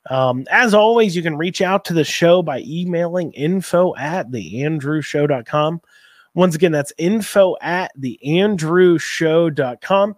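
A man hosting a political talk show, rambling and folksy, a little hoarse from a cold. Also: fairly high pitch, animated, unhurried, no room sound, clean studio sound. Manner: rambling, folksy, repeats himself. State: has a cold, slightly hoarse. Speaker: host.

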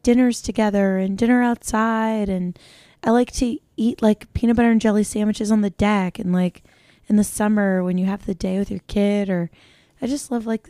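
A woman co-hosting a podcast in casual chat, cheerful and gushing, her voice squeaky and strained. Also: dark tone, dry recording, clean studio sound. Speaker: co-host.

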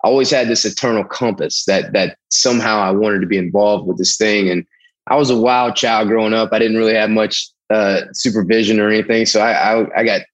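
A middle-aged man from the American South with a Southern accent, telling a long personal story as an interview guest in a rambling, animated way. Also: fairly low pitch, fairly quick, low-quality recording. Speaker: guest, Navy veteran. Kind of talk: casual storytelling.

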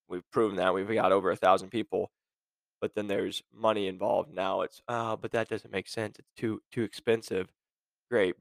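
A man's voice: sits low, vocal fry, dry recording. A man hosting a podcast, talking in a blunt, sarcastic rant to his listeners. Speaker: podcast host. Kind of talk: casual monologue.

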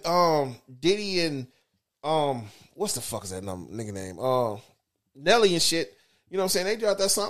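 A man with a Southern US accent co-hosting a casual podcast, profane and animated, acting out imagined quotes. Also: a little high, normal speed. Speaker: podcast co-host. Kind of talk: casual chat.

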